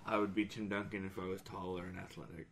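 A man's voice: deep voice, level tone, quick pace, a loud crowd. A young man co-hosting a podcast, chatting casually and making dry, mock-serious jokes. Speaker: podcast co-host. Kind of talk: casual chat.

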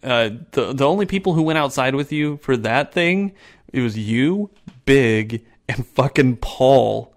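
Slow gravelly laid-back man. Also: medium pitch, animated. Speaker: podcast co-host. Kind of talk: casual chat.

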